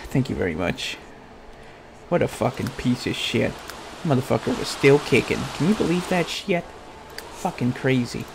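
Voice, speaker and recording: A man's voice: mid-range voice, sing-song, moderate pace, creaky, background noise. A man giving crude, profane Let's Play commentary, ranting at and scolding his game character. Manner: swears constantly, talks to his game character. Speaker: gaming YouTuber.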